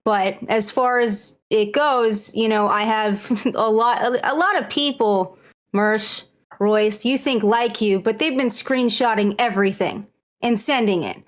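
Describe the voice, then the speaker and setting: Woman, podcast guest, earnest, explaining, slightly high pitch. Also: a little slow. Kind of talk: casual interview.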